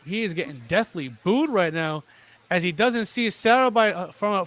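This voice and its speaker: A young man calls a wrestling match play by play, tripping over his words and restarting as he rushes ahead. His voice sits high for a man and rings bright and sharp. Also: expressive. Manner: rapid, stumbling restarts, plugs sponsors. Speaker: play-by-play commentator. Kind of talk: excited wrestling commentary.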